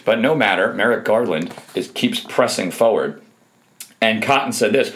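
A man's voice: on the low side, lively intonation, moderate pace, a little hiss or hum. A man delivering an emphatic, scornful opinion monologue as a political commentator, reading out quotes and cutting in with remarks.

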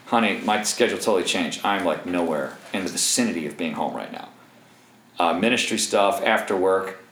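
A man in his thirties preaching a sermon in an animated, joking way, with asides to the crowd. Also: sits low, fairly quick, reverberant, a little hiss or hum, poor audio. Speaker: pastor.

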